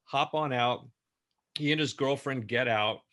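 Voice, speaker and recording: Bright-voiced man telling a story. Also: medium pitch, measured pace. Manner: lively storyteller who acts out quoted dialogue. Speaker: co-host. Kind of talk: telling a personal anecdote in an interview.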